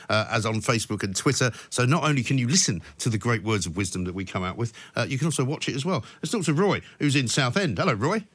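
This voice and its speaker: A man hosts a talk radio phone-in, firing off his words at a rapid clip. He argues hard and gets sarcastic with callers. His voice sits close and dry on the studio mic. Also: medium pitch, fairly bright tone, no room sound. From London. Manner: brisk, argumentative, sarcastic. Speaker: radio talk show host.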